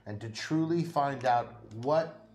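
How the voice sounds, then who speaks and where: A man playing a tabletop game in character, speaking in a measured, deliberate way. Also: medium pitch, a little mellow, slight background noise. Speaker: player. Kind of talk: in-character role-play.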